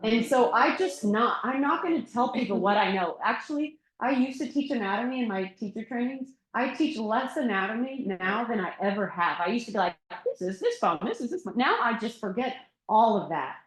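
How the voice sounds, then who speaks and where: A woman's voice: fairly high pitch, fairly quick, few pauses. Woman teaching thai bodywork to a group, laid back, laughs a lot, echoey room. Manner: relaxed and reflective, laughs often. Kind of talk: casual teaching in a group discussion. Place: yoga studio room.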